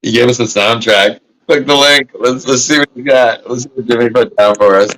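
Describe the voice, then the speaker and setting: A man's voice: mid-range voice, brisk, a bit bright, rough recording. A man hosting a casual livestream, talking in a loose, profane, rambling way and coughing now and then from smoking. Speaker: livestream host. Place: indoors at a grow setup.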